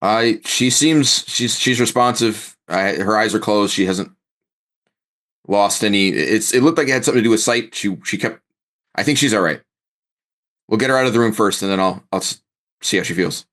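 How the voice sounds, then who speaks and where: Young man, tabletop player, casual, low voice. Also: moderate pace, fairly bright tone. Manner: casual, in-character asides. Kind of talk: tabletop game play.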